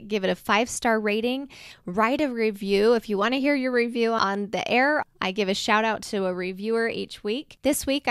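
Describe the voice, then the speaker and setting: A woman's voice: a little high, smooth, no room sound. A woman hosts a faith podcast. Her manner is gushing and tender and edges toward emotion. The sound is close and dry, with no room in it. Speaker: podcast host. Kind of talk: faith podcast outro and interview.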